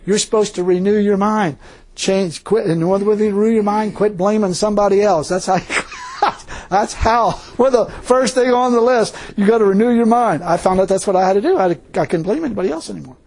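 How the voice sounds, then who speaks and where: Man, older, preacher, informal sermon, high voice, husky, animated, laughing. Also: brisk.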